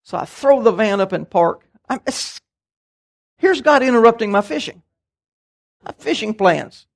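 An older man, preaching a sermon and telling stories in a folksy, animated way. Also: sits high, unhurried, creaky. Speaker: pastor.

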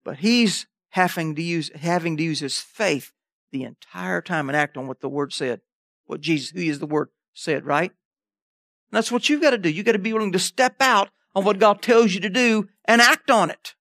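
A man's voice: sits high, moderate pace, pushed and bright, no room sound, clean studio sound. A man preaching a sermon in a conversational way, checking in with the congregation as he goes. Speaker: pastor.

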